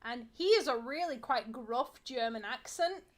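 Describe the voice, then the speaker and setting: A woman with a high voice chatting on a casual livestream. She rambles and giggles, tripping over her own restarts as she goes. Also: expressive, measured pace. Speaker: streamer co-host.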